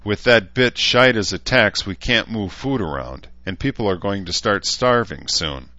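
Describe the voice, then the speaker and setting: A man's voice: fairly low pitch, animated, a little slow, bright, forceful tone, no echo, pitched above the performer's own voice. A man reading the lines of a grandiose, self-righteous male leader in an audiobook, solemn and intoning, on a dull recording. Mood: gloomy.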